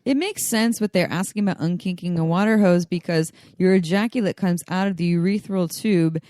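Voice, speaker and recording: A woman's voice: on the low side, a little fast, mellow, no echo, studio quality. A woman co-hosting a podcast in casual chat, explaining things frankly and laughing easily. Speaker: podcast co-host.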